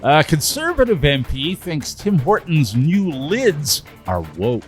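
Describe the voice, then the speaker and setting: A man's voice: on the high side, big pitch swings, takes it slowly, faint music behind. A man co-hosting a podcast, reading odd news headlines in a wry, amused way during casual banter.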